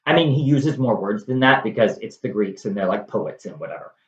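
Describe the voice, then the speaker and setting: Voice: mid-range voice, expressive, brisk. A host casually retelling a classic play, wry and conversational with lots of animation. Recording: roomy, distant, dull lo-fi.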